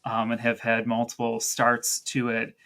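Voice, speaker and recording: A man hosting an interview, telling a personal story in a relaxed conversational way. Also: medium pitch, a little slow.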